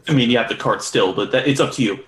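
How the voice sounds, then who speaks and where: A man running a tabletop game as game master, narrating in a relaxed way with many fillers. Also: mid-range voice, fast, a little hiss or hum. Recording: roomy echo.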